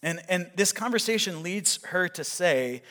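Storytelling male preacher, higher voice. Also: expressive, a little slow, bright, forceful tone. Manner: conversational storytelling, paraphrasing scripture. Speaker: pastor. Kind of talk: sermon.

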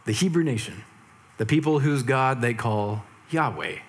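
A man giving a sermon, his voice sitting in an ordinary middle pitch. He tells the story in a relaxed, conversational way, dropping in humorous asides and slang as he goes. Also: normal speed. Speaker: preacher.

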